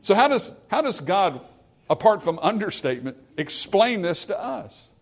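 A male pastor preaching a sermon, swinging from forceful emphasis to hushed, quiet lines. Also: sits high, sing-song, normal speed.

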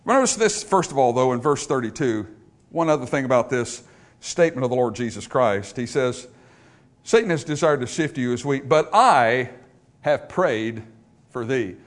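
A man preaching a sermon to a congregation, dropping to a hush for scripture and rising to loud emphasis. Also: medium pitch, animated. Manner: swings from hushed, drawn-out scripture quotes to loud, emphatic preaching. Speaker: pastor. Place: church in front of a congregation.

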